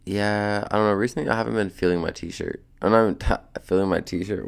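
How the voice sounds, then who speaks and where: This young podcast host sounds freshly woken and sleepy, sprawled on a beanbag at home while he rambles in a laid-back, slangy chat. His lowish voice moves fairly quickly with vocal fry and hardly any pauses, recorded with a clean tone.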